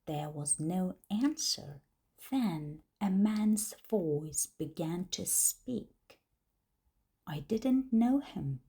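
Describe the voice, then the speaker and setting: A woman narrating a first-person story slowly and deliberately for English learners. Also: on the low side, expressive, warm tone. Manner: slow, clear, deliberate reading.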